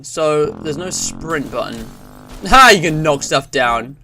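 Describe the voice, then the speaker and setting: A man's voice: on the high side, unhurried, bright, forceful tone, a little hiss or hum. A man giving casual, rambling let's-play commentary, reading on-screen text aloud as he plays. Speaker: gaming YouTuber.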